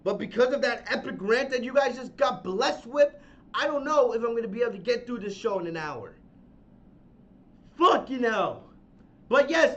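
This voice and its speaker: Very high-voiced man ranting angrily. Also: lively intonation, moderate pace. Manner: angry, profane, loud ranting with repeated phrases. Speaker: podcast host. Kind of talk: ranting wrestling review podcast. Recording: dull lo-fi sound.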